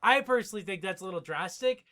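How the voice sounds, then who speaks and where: A man co-hosting a casual podcast recap, rambling, swearing and acting out scenes in quick impressions. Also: high-pitched, lively intonation, bright, forceful tone. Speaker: podcast co-host.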